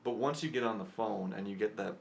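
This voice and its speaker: A young man tells a personal story in a loose, rambling vlog monologue. His voice sits low and has a gravelly, fried edge. He chuckles and breaks off mid-sentence as he goes, and there is faint noise behind him. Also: a little fast. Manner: rambling, chuckling, self-interrupting. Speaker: vlogger.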